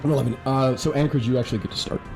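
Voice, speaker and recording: A man's voice: mid-range voice, very fast, faint music behind. Man narrating as game master. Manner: casual, animated, laughing storyteller.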